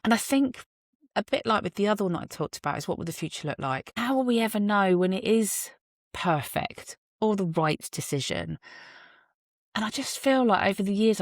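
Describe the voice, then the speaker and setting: A woman's voice: lowish voice, no echo, studio quality. A woman hosting her own podcast, talking through her thoughts in an earnest, musing way with self-deprecating asides, recorded on a phone in a car. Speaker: podcast host. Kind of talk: reflective solo monologue. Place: parked car.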